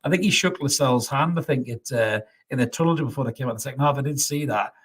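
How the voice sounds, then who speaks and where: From his house, a Geordie man from North East England hosts a fan channel's live post-match reaction stream, reading viewer comments aloud. His husky voice sits at an ordinary middle pitch with a fairly bright tone, and he talks fast, swearing freely and doubling his words for emphasis.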